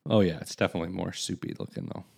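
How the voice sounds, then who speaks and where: A man's voice: sits low, steady tone, very fast, gravelly, darkish tone, slightly rough. A man around forty co-hosting a casual chat, rambling along and reading facts aloud. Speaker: podcast co-host.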